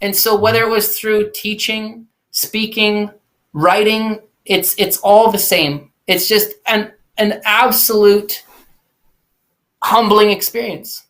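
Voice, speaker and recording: A man's voice: high-pitched, level tone, takes it slowly, a bit bright. A man in his forties, a podcast guest and keynote speaker, talking earnestly and reflectively with frequent restarts. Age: 40s. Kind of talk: candid conversational storytelling.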